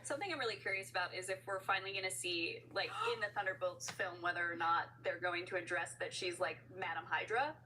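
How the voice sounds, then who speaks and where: A woman's voice: lowish voice, quick pace, hardly any pauses, pushed and bright, a little hiss or hum, low-quality recording. A woman on a casual live reaction stream, thinking aloud with curiosity.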